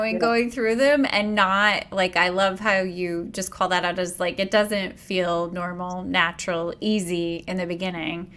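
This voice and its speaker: A woman's voice: on the low side, steady tone, a little slow, hardly any pauses, a bit bright, clear, resonant tone. A woman hosting a podcast, talking in a reflective, affirming way in casual conversation. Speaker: podcast host.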